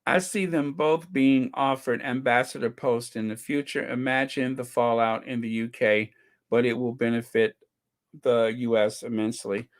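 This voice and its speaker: A man's voice: mid-range voice, fairly even intonation, normal speed. Chatty male commentary host. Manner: chatty, opinionated, mocking exclamations. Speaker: channel host. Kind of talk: casual commentary reading viewer comments.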